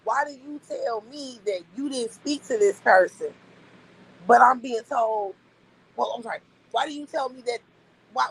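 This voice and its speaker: A woman's voice: on the high side, vocal fry, slightly rough, poor audio. A young adult woman streaming live, venting bluntly and incredulously to her chat, repeating her points for emphasis.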